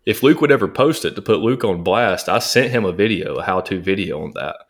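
A man's voice: sits low, animated, brisk. A man guesting on a casual hunting podcast, talking eagerly and often repeating words as he goes.

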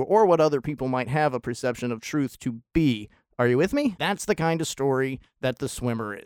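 Man hosting a solo film-review podcast; opinionated, rambling, wry, with a smooth voice in a dry booth. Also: mid-range voice, no room sound.

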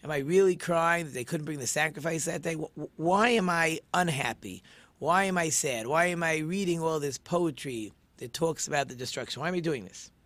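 A man's voice: on the high side, moderate pace, a bit bright, no room sound. A man leads an informal religious lesson in a somewhat raised register. He talks it through conversationally, full of rhetorical questions, ums and little restarts. The sound is dry and close. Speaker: Torah teacher.

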